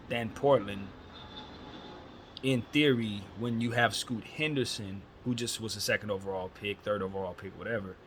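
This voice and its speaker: A man's voice: fairly low pitch, a bit bright, a little hiss or hum. Blunt, opinionated male sports talker. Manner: opinionated, blunt, conversational with slang. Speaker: basketball commentary host. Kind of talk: casual solo sports chat.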